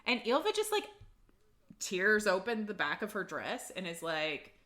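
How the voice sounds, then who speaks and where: A woman talks through a book's chapters for a podcast, casual and blunt, dropping "like" constantly and swearing freely. Her voice sits a touch low. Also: sing-song, unhurried, pushed and bright. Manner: chatty recap with lots of "like" and swearing. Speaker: podcast co-host. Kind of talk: casual book-club chat.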